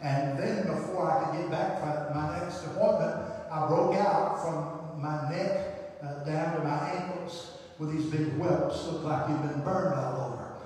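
An older male pastor preaches from the pulpit, drifting from easygoing storytelling into fervent preaching. His voice sits fairly high. It is picked up from a distance and rings around a reverberant church hall. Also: a little slow, few pauses, darkish tone. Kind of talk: sermon. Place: church sanctuary. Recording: echoey church hall, mic from far off.

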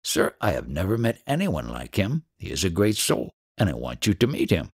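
A man's voice: low voice, wildly swooping pitch, moderate pace, creaky, slightly rough, no room sound, clean studio sound, full character voice. A man voicing a proud, emotional former soldier turned yogi who speaks eagerly and boastfully. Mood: earnest.

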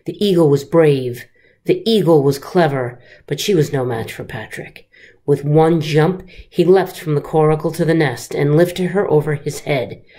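A teacher reading a children's story aloud in an expressive, unhurried way. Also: female voice, deep voice.

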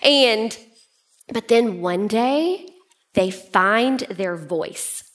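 A woman pastor preaching a sermon in an animated way, often shifting pace and pitch. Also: very slow.

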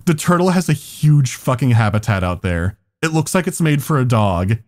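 A man's voice: medium pitch, very animated, moderate pace, a little mellow. A man hosting a podcast, telling a story in casual chat, laughing often and swearing freely. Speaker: podcast host.

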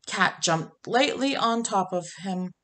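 A woman reading a children's picture book aloud, unhurried and gentle. She tells the story expressively, at a middling pitch. Her pace is slow and clear, made for young listeners. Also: animated. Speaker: storybook reader.

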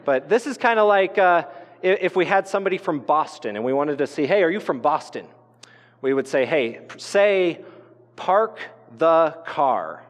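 A man's voice: a little high, long reverb tail. A man in his role as pastor preaching a sermon in a casual, conversational way, with asides and restarts, from northern Colorado. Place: church sanctuary.

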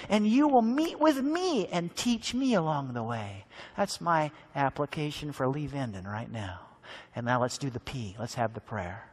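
A man's voice: fairly high pitch, husky. A man preaching a storytelling sermon, dramatic and acting out the characters' voices.

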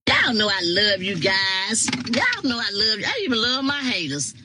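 A woman's voice: mid-range voice, wildly swooping pitch, normal speed, background noise. A woman, chatting casually with viewers as she reads out their comments, laughing often and talking back to them. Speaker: live-stream host reading viewer comments. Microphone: phone.

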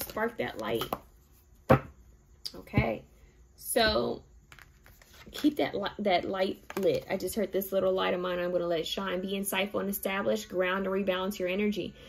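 A woman talks her viewers through a tarot card reading in an easy, chatty way. She gives spiritual advice earnestly, and her mid-range voice has a gravelly fry. A faint hiss sits under the recording. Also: mid-range voice, poor audio. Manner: chatty, addresses viewers as "you guys".

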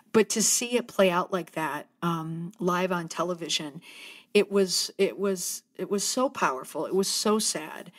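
A woman hosting a podcast, giving conversational and heartfelt commentary and sometimes choking up. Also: mid-range voice. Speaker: podcast host and communications speaker.

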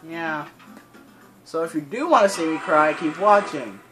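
Swearing, ranting teenage gamer, bright voice. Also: mid-range voice, unhurried, faint music behind, rough recording. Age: teens. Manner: swearing, ranting frustrated outbursts. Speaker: gaming channel host. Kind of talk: let's play commentary.

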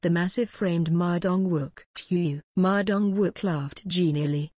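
A woman narrating an audiobook, reading in an even, steady way. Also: lowish voice, takes it slowly, hardly any pauses, dry recording, clean studio sound. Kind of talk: scripted narration.

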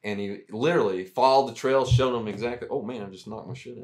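A man's voice: mid-range voice, fast, darkish tone. A man, a veteran guest, telling profane, rambling war stories in casual talk. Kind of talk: casual storytelling.

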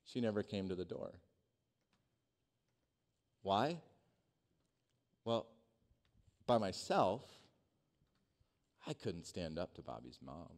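A man in his forties preaching in a church, telling a personal story with humor and swinging from hushed, quiet passages to loud, energetic ones. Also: low-pitched, slow pace, long pauses. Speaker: pastor.

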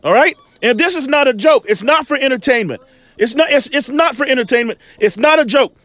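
A man teaches scripture in an informal, emphatic way, stopping his reading again and again to check that listeners follow. His voice sits high and swings widely in pitch. The sound is dry, with no room echo. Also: expressive, brisk, fairly bright tone. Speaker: Bible teacher.

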